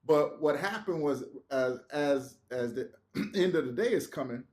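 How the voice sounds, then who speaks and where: A man tells a work story as a podcast guest, his voice sitting a little high. He is animated, acts out what others said, laughs and swears. The talk is loose and conversational. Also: unhurried. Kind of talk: casual storytelling.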